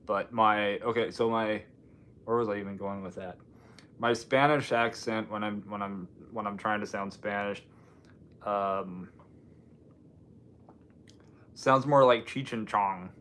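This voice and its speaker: A man's voice: on the low side, fairly even intonation, slow, pauses often, a bit bright, slight background noise. A man from Washington State hosting a casual live stream, rambling and joking while answering viewer comments. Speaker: livestream host.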